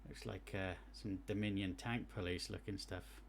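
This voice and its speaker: A man's voice: low-pitched, steady tone, normal speed, gravelly, a little hiss or hum. A man streaming live gameplay, thinking aloud in a chatty way and adding technical asides about game effects.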